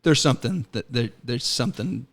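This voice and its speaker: A man at a middle pitch talks loosely in an easygoing podcast chat. He rambles and restarts, drops swear words freely, and often breaks into laughter. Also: animated, moderate pace, gravelly. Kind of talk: casual chat.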